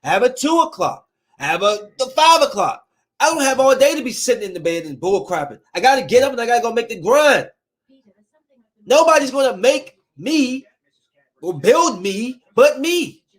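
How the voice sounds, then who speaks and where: A man's voice: very high voice, big pitch swings, normal speed. A man hosting a podcast, ranting in a heated, preachy way and scolding his listeners. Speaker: podcast host. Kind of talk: opinionated casual podcast rant.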